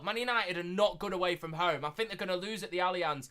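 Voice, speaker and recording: A young man hosting a live watchalong stream, chatting casually and repeating himself, getting loud and excited at big moments. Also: high-pitched, quick pace, hardly any pauses, smooth. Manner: excitable, repeats phrases, shouts when thrilled.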